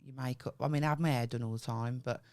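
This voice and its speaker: A woman's voice: a bass voice, fairly even intonation, fast, a little mellow, no room sound, clean studio sound. A woman co-hosting a casual comedy podcast, swearing and laughing as she tells stories. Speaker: podcast co-host. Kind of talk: casual chat.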